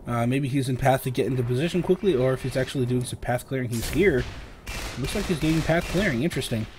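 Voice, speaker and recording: A young man with a sore throat, casting a video game match alone in a rambling play-by-play full of fillers, often clearing his throat. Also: medium pitch, a little hiss or hum. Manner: rambling, filler-heavy, lifts and speeds up on big plays. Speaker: esports caster. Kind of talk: solo play-by-play game commentary.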